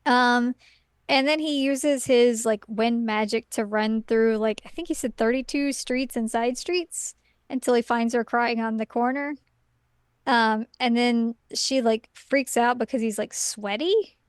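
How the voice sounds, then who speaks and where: A woman's voice: fairly high pitch, unhurried, clean tone, no echo. A woman co-hosting a podcast, casually recapping a story in a chatty way full of "like" and "um". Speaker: podcast co-host.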